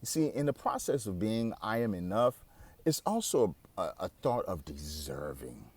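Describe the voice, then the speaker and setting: Host, 40s male, lowish voice, casual self-help monologue, frank and swears. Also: sing-song, moderate pace, a little mellow, breathy edge. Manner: candid, conversational, swears freely. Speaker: podcast host.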